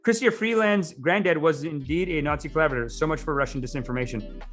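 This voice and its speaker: A man's voice: fairly high pitch, fast talker, a bit bright, faint music behind. A man co-hosting a casual political chat, chatty, laughing easily and reading things aloud off the screen. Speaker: podcast co-host.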